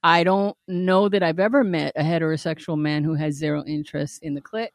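A woman co-hosting a candid casual chat, telling stories with animated swoops and frequent laughs. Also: sits low, fairly quick, dry recording, studio quality. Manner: animated storyteller, swoops up when quoting; laughs often. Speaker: podcast co-host.

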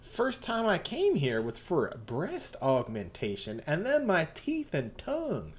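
A woman's voice: sits low, huge pitch swings, measured pace, heavily acted. A woman voicing a pampered middle-aged Southern belle with a put-on Southern accent, sugary and evasive. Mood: genteel denial. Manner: sugary, genteel, feigning innocence.

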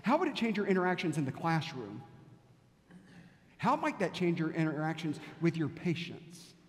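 High-voiced male pastor preaching in reverb. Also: sing-song, normal speed. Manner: storytelling, repeated rhetorical questions. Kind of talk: sermon.

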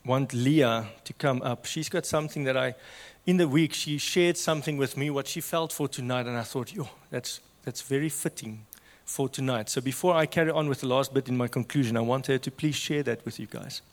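A man preaching a sermon with passion, swinging from loud to hushed. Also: mid-range voice, a little fast, hardly any pauses, big-room sound.

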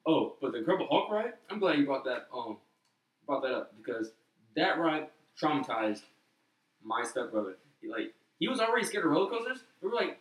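Animated young man telling stories. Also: a little high, brisk. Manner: animated storyteller, acts out quotes. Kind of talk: casual chat. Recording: roomy, from far off the mic.

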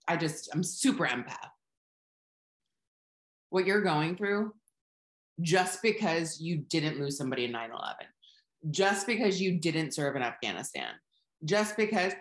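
Brief: frank, swearing co-host, low voice, roomy echo. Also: female voice, fairly bright tone. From Long Island, New York. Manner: blunt, frank, swears casually. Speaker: podcast co-host. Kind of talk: casual podcast chat. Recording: echoey room.

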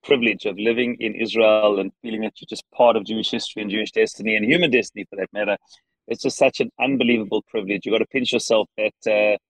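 A man with a South African accent, a podcast guest answering questions earnestly from his parked car, with frequent restarts and pauses. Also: on the low side, steady tone, no room sound, poor audio. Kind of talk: thoughtful interview answers.

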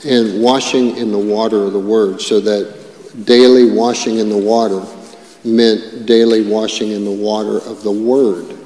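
A man preaching a sermon as pastor, animated and full of rhetorical questions and asides. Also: lowish voice, unhurried. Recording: echoey hall with long reverb.

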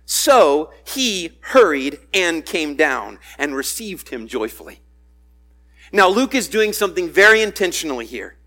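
A man's voice: high voice, pushed and bright. A man preaching a sermon in a conversational way, acting out the voices he quotes. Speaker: pastor.

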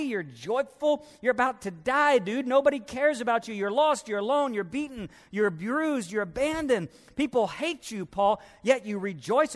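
A man preacher voicing an incredulous listener who mocks and rapidly argues back at Paul. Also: extremely high pitch, in a large hall, pitched above the performer's own voice. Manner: rapid, mocking, exasperated.

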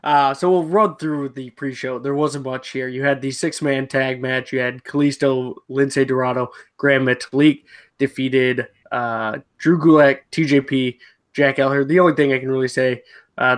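A man's voice: mid-range voice, fairly even intonation, moderate pace. A man hosting a podcast, running through wrestling matches in a matter-of-fact way with frequent "uh"s. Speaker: podcast host. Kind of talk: casual wrestling review chat.

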